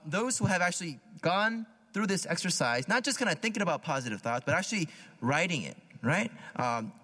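A man's voice: sits high, pushed and bright. A man preaching a sermon in a casual, conversational way, often repeating words and asking "right?". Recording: long hall reverb.

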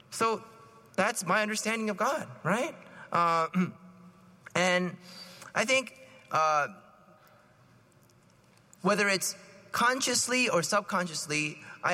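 A man's voice: a little high, pushed and bright. A man, a priest, giving a conversational sermon full of anecdotes and acted-out quotes. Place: church. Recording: long reverb of a church.

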